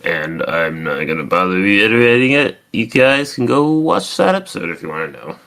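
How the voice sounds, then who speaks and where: Deep bright-toned podcast co-host man. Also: sing-song, normal speed, rough recording. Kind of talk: casual chat.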